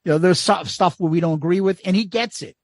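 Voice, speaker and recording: A man's voice: sits high, quick pace, no room sound. A man co-hosting a podcast in casual chat, blunt and rambling, swearing freely. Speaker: podcast co-host.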